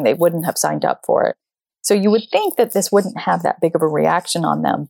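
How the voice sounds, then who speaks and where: An animated woman in her thirties or forties tells a personal story, springing up into high pitch whenever she acts out what someone said. The sound is dry and close, with no room around her voice. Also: no echo. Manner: animated, acts out quotes with big pitch jumps. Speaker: speaker.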